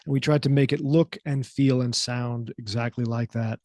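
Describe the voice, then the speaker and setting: A man guesting on a radio interview, talking in a soothing, calm, easygoing way about his work. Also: mid-range voice, normal speed, no room sound, studio quality. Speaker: actor and filmmaker, guest. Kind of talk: casual interview. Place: radio studio.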